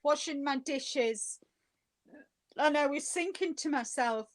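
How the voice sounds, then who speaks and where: A woman's voice: high voice, slow. A woman co-hosting a casual crochet livestream, reacting with gushing exclamations. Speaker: livestream co-host.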